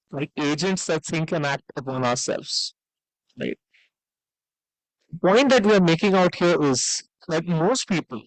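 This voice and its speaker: Man, conference speaker, fairly high voice, dry close sound, casual "right?" tags. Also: dry recording, rough recording. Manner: conversational, frequent "right?" tags and "uh" fillers. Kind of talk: conference keynote talk. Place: conference hall.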